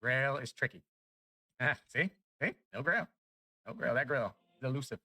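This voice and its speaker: A man giving chatty, excitable commentary over his own gameplay, jumping up in pitch when good loot drops. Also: normal speed, no room sound, low-quality recording. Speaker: gaming YouTuber. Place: home room.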